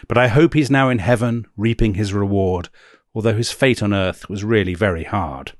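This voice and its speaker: A man co-hosting a history conversation, reading verse aloud with amusement and often trailing off quietly. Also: lowish voice, normal speed, no room sound, clean studio sound. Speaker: podcast co-host.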